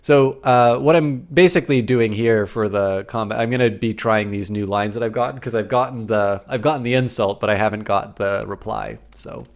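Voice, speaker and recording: A man's voice: fairly low pitch, normal speed, few pauses. A man streaming a game live, playfully reading lines aloud. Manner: playful, reads lines in mock-theatrical voices.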